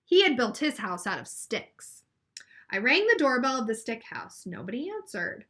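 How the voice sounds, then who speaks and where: A woman reading aloud as a sly, smooth-talking male wolf telling his side of a storybook tale. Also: a little high, very animated, normal speed, fairly bright tone. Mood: wry.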